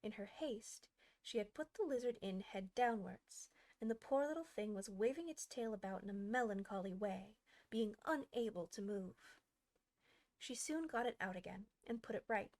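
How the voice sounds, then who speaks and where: A woman's voice: medium pitch, moderate pace, a little mellow. Woman reading a classic storybook aloud. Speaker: audiobook narrator, host.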